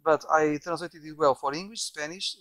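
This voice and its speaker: With a slightly high, fairly bright voice at normal speed, this Portuguese-speaking developer from Portugal gives an informal software walkthrough. He rambles, circling back with repeated words and restarts. There's no room sound, but the microphone is bad.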